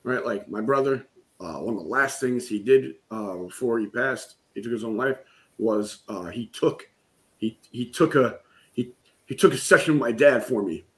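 A man's voice: medium pitch, normal speed, a bit bright. Candid man telling a personal story. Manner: candid, keeps saying "right?". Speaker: guest, business coach. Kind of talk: emotional storytelling in conversation.

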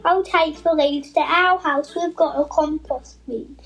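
A child reading as a chatty little girl, a touch higher. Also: fairly even intonation, measured pace, a bit bright, poor audio. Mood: eager.

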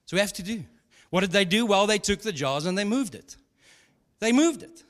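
A pastor preaches in a high, light voice, mixing scripture with funny family stories. His delivery is casual and conversational. The sound carries a long reverb from a large hall. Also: expressive, fast talker, a bit bright. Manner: conversational, humorous storytelling with laughs. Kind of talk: sermon.

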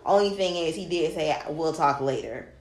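A woman co-hosting a podcast, telling a long story in casual chat, animated and swearing freely as she quotes people. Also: sits low, normal speed, crowd noise. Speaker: podcast co-host. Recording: echoey room with faint noise.

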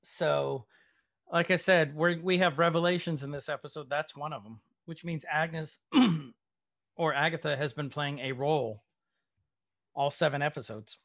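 A chatty podcast co-host with a gravelly voice that sits a bit high for a man. He leads the talk in a loose, casual way and leans on lots of fillers as he walks through a TV episode. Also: steady tone, unhurried, fairly bright tone. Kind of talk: casual chat recapping a TV episode.

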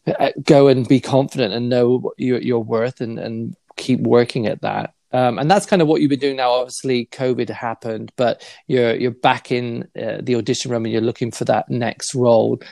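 A man's voice: mid-range voice, fairly even intonation, normal speed, creaky, hardly any pauses, darkish tone, dry recording. A man hosting a podcast interview, encouraging and affirming as he chats with his guest. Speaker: podcast host. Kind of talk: conversational interview.

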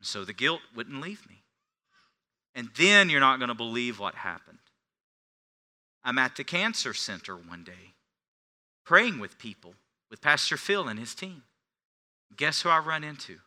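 A middle-aged male pastor preaching a sermon, swinging between quiet confession and loud, forceful preaching. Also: medium pitch, big pitch swings, measured pace, long pauses.

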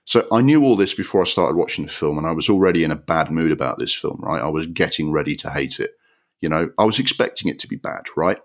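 Sweary, exasperated deep-voiced man. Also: expressive, fast talker. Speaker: podcast host. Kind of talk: ranting film review.

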